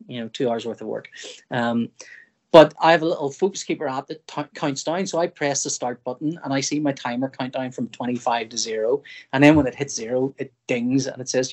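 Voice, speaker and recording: Here the Northern Irish comic artist, a middle-aged podcast guest, sounds medium-pitched and a little mellow. In the casual conversation he rambles, cuts himself off mid-sentence, and dramatizes what he's thinking.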